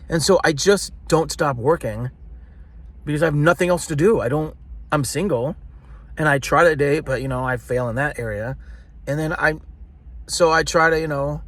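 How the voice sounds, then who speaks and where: A man talking candidly in a personal vlog, sounding frustrated and blunt, with frequent swearing. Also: on the high side. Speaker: vlogger. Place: partly outdoors in summer heat.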